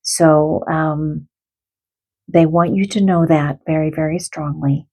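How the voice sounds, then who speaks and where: A woman who is an animal communicator and card reader, giving a spiritual card reading to viewers in a gentle, heartfelt and reassuring way. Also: low-pitched, steady tone, slow pace, rough recording.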